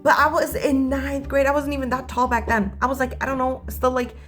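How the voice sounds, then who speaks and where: A young woman telling a story in a casual vlog, animated and jokey with dramatic asides. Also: sits high, fairly quick, faint music behind.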